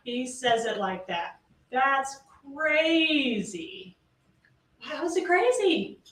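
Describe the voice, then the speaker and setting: A woman's voice: sits high, very animated, measured pace. A woman prosecutor delivering a closing argument to a jury, pressing her points with rhetorical questions. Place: courtroom. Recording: roomy courtroom audio from a distance, faint hiss.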